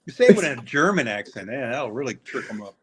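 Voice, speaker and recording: A man's voice: mid-range voice, sing-song, fast, noisy background. A man with a New Jersey accent bantering on a livestream from home, joking and laughing. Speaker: co-host on a livestream. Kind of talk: casual livestream chat.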